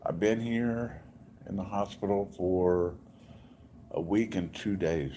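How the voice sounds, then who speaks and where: A man with a very low voice talks slowly from his hospital room. He rambles through his stories with repeated asides, and a faint hum sits behind him. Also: warm tone. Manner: rambling, repetitive storytelling with many asides. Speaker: vlogger. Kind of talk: casual rambling update.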